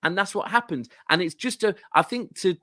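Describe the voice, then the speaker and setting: Animated southern English man, dry sound. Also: high-pitched, a little fast, no echo. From southern England. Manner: animated ranting, swears. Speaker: guest football fan. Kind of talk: casual podcast chat.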